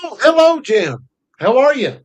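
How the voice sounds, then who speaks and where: A man's voice: very high-pitched, sing-song, a little slow. A man from North Carolina, co-hosting a casual podcast chat in a folksy storytelling way. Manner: folksy, drawling storyteller with country sayings. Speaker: podcast co-host.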